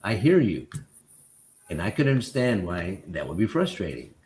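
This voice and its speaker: A man's voice: sits low, sing-song, normal speed, a little mellow. A man hosting a podcast, reading his own written account aloud and laughing often in between. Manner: laughs often while telling the story.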